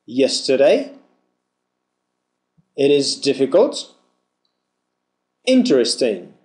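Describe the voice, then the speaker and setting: A man leads a pronunciation lesson, saying each word slowly and deliberately so it can be repeated. His voice sits a little high and rises and falls a lot as he drills the vowels. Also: darkish tone. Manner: clear, deliberate word-by-word modelling. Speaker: pronunciation teacher.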